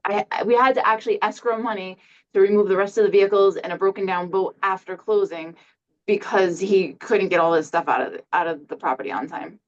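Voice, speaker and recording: A woman co-hosting a podcast, chatting in a rapid, exclamatory way. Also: mid-range voice. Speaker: podcast co-host. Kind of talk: casual podcast chat. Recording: slightly dull lo-fi recording.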